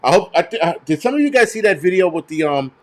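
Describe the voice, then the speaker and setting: A man's voice: high-pitched, very animated, fast talker, a little mellow. A man hosting a show, ranting heatedly with lots of swearing and stumbling restarts. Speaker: host. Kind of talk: profane ranting commentary.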